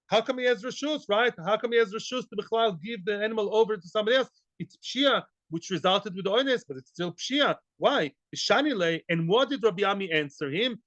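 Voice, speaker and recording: A man teaching a Talmud class, animated and full of rhetorical questions. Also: high-pitched, no echo, highs cut off. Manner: animated, rhetorical questions, Yiddish-inflected Hebrew terms.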